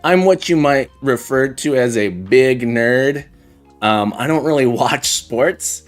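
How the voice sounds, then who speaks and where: A man's voice: mid-range voice, lively intonation, slow pace. A man hosting a live coding stream, thinking aloud as he types and chatting with viewers in a self-deprecating way. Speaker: livestream coding host. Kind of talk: casual live-coding chat. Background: faint background music and keyboard typing.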